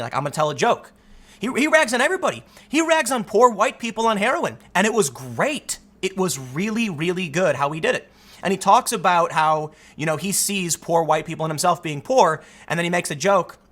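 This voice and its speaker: A young man giving a casual, emphatic commentary monologue, often repeating words as he gets excited. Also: on the high side. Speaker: political commentary host.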